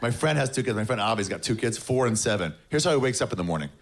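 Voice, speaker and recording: Gravelly, sarcastic man on a comedy stage. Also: fairly low pitch, very fast. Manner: deadpan, sarcastic, mocking voices of others. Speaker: stand-up comedian. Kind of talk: stand-up comedy set. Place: comedy stage before a live audience.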